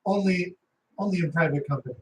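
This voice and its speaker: A man's voice: high voice, darkish tone, recorded from a distance, slight background noise, lightly acted, rough recording. Man playing young woman host, fake Italian accent, polite, gracious, tabletop game. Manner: halting, heavy-ish Italian accent attempt.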